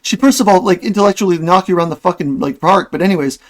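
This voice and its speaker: A man in a heated online debate, talking rapidly and swearing defensively. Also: high-pitched. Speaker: streamer.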